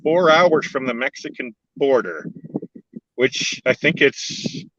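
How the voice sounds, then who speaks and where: Giggly older man with a bright voice. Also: mid-range voice, sing-song, slow pace, dry recording, muffled recording. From Canada. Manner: giggly, laughs often. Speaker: co-host. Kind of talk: casual chat.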